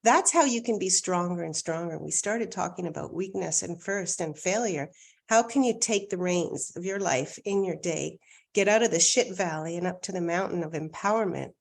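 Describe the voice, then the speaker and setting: Emphatic, energetic woman coach from Canada. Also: lowish voice, moderate pace, gravelly. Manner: energetic and emphatic, repeats key phrases for effect. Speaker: life coach. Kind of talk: casual conversation.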